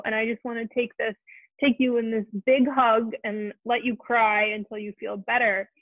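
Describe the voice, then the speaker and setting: Woman, gentle earnest host, tinny phone-like sound, dry. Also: on the high side, dry recording. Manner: gentle, earnest, many restarts. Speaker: host of a support Q&A. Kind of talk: casual heartfelt talk to an online group.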